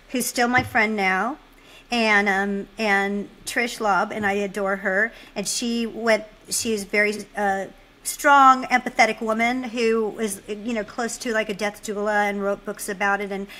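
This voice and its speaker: A middle-aged woman hosts a podcast conversation, speaking earnestly and from the heart. Her voice sits at an ordinary middle pitch, and she talks openly about strong feelings. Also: fairly even intonation, unhurried, pushed and bright, poor audio. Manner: emotional, earnest, speaks from the gut. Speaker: podcast host.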